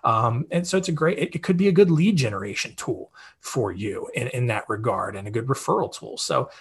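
A man with a slightly husky, mid-pitched voice talks through practical tips in a loose, conversational monologue. He keeps it upbeat, scatters fillers, and often checks in with the listener. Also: lively intonation, a little fast. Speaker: podcast host. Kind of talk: casual advice monologue.

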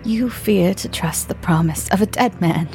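A woman's voice: medium pitch, moderate pace, vocal fry, a little mellow, soft background music, close to an everyday voice. Woman doing a desperate doomed man. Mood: urgent. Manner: frantic, groaning, breaks into whispers.

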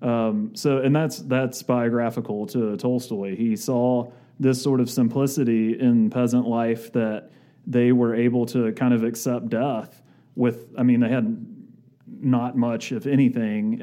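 A man's voice: mid-range voice, level tone, a little slow, mellow. A man co-hosting a podcast, talking casually and thinking aloud in loose, winding sentences. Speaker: podcast co-host.

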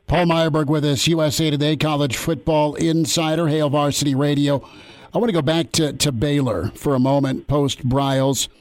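A man's voice: on the high side, steady tone, normal speed. A man hosting a sports radio show, asking long, rambling questions and repeating words as he builds them.

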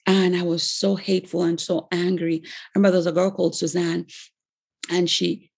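Gravelly Ugandan woman telling her testimony. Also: on the low side, flat delivery, a little fast, a little mellow. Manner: earnest storytelling, acts out quoted dialogue. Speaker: speaker giving a personal testimony. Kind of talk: personal testimony.

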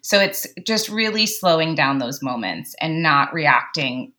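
Woman psych guest on a podcast, low but bright voice, acts out what parents think. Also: measured pace. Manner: animated, acts out inner dialogue, laughs often. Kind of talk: casual podcast conversation.

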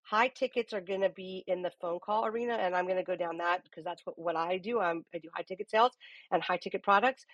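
Lively woman coaching an audio room. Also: on the low side, fast, no echo, lo-fi sound. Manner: lively, uses many rhetorical "okay?" check-ins. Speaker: business coach hosting a live audio room. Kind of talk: live coaching talk. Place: live audio chat room.

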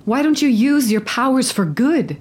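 Tired young wife, fed up and scolding, stage drama voice. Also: female voice, sits high, animated, moderate pace, darkish tone. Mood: reproachful. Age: young adult. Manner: exasperated, lecturing. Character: weary young wife, exasperated and firm.

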